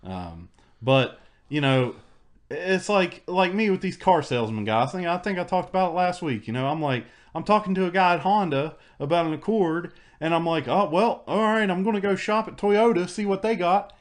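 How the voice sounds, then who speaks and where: A man's voice: high voice, lively intonation, moderate pace. A man co-hosting a podcast in casual chat, chiming in and griping about customer service. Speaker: podcast co-host.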